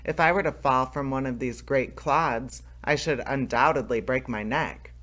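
A man's voice: medium pitch, moderate pace, close to an everyday voice. A man reading aloud as a tiny, cheeky thumb-sized boy in a storybook, pert and prone to bawling. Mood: fretful. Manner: pert, cheeky, bawls out loud.

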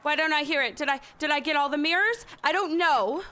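A woman with a high voice talks through a horror game, audibly frightened, swearing and repeating herself. Loud noise and game sound sit under her voice. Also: a little fast. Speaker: gamer. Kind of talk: horror game let's-play commentary. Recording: noisy with game sound behind.

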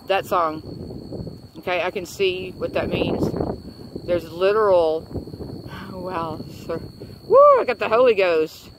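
A woman's voice: fairly low pitch, normal speed. A woman giving a rambling religious rant outdoors in a rural pasture, breaking off to coo at the cows around her. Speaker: religious vlogger. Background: wind and animals.

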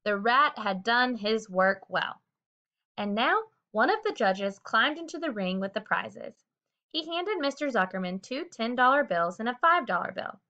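A woman narrating a children's book aloud with a steady, expressive reading. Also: fairly high pitch, moderate pace. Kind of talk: storybook read-aloud. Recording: dull lo-fi recording.

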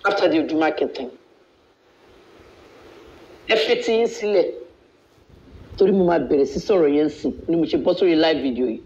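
A man from Nigeria hosting a live video, ranting in a blunt, boastful way and switching freely between languages. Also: high voice. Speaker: live-stream host. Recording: echoey, dull live-stream audio.

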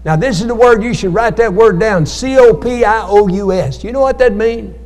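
A man's voice: high-pitched, moderate pace, darkish tone. A male pastor, preaching a sermon and calling on the congregation for amens. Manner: preaching with call-and-response to the congregation. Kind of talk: sermon at Bible study. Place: church hall. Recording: echoey church hall.

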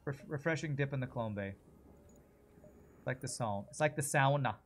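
A man putting on a deliberately clumsy mock Swedish accent as a quick joke while streaming a game. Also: medium pitch, slight background noise, natural voice. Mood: joking.

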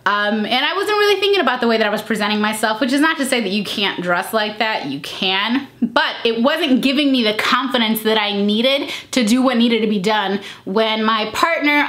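A young adult woman talking casually and openly in a vlog, chatty and animated, jumping into high voices when she quotes people. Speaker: vlogger. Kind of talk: casual confidence chat.

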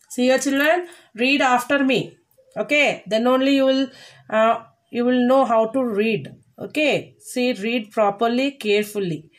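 High-voiced woman teaching children. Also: echoey room. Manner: spells out words letter by letter, stretches syllables slowly; repeats "children" and "see", coaxing. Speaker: primary school teacher. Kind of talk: classroom lesson.

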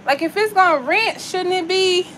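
High-pitched, bright-voiced foul-mouthed woman vlogger. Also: moderate pace, a little hiss or hum. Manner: blunt, profane, scolding. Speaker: vlogger hosting a livestream. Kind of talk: casual livestream rant. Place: at home.

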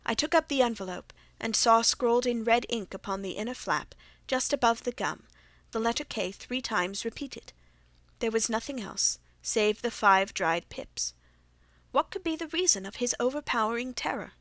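A woman narrating a classic mystery audiobook in a measured, even storytelling manner. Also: on the high side, no room sound. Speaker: audiobook reader. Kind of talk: scripted narration.

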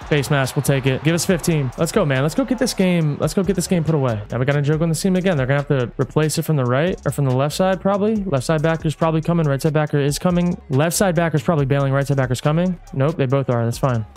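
Male gamer, excitable play-by-play of his own game, coaches himself aloud, slightly high voice, faint music bed. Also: fast talker, few pauses. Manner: excitable, coaching himself, yelling at big plays. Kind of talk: hyped live gameplay commentary.

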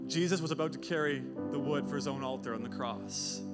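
A man preaching a sermon, retelling scripture with animated storytelling and quick character voices. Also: on the high side, over loud music. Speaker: pastor.

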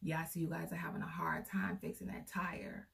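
A creepy, soft-spoken man murmurs in a low, hushed tone, as a woman puts him on while telling a story. The voice is gravelly and sits far from the mic. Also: level tone, a little fast. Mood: sly.

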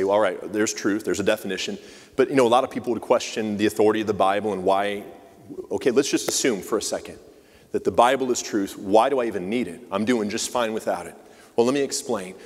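A man's voice: on the low side, slightly rough, long reverb tail. A man preaching a sermon in a church, talking in a conversational way and putting questions to the congregation. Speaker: church leader giving the message. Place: church sanctuary.

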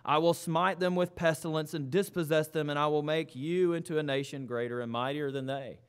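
A man's voice: on the high side, steady tone, brisk, smooth. A man preaching a sermon in church, reading scripture aloud and then explaining it with emphatic repetition.

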